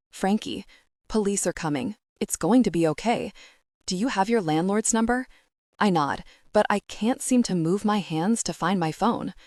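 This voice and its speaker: A woman's voice: on the low side, a little mellow, no room sound, studio quality. A woman narrating a romance novel in the first person, in an intimate, confessional, emotional way. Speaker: audiobook narrator.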